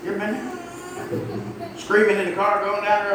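A man's voice: high-pitched, monotone, a little fast, pauses often, a bit bright. A middle-aged man, preaching a folksy, emphatic sermon and drawing call-and-response from the congregation. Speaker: pastor. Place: church sanctuary. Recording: echoey church from far off, noisy.

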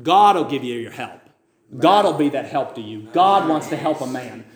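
A man preaching a fervent sermon, firing questions at his listeners and rising to loud cries. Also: mid-range voice, lively intonation, moderate pace, reverberant.

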